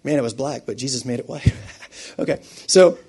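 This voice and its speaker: A man preaching a sermon with animated delivery, swinging between loud emphasis and quiet asides and laughing often. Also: mid-range voice, brisk, slightly rough.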